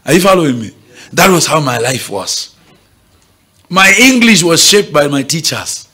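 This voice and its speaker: At a morning prayer meeting at church, a pastor with a Nigerian accent preaches a bright, emphatic sermon, often asking if the congregation is following. His voice is a little high and very animated, at normal speed with a breathy edge.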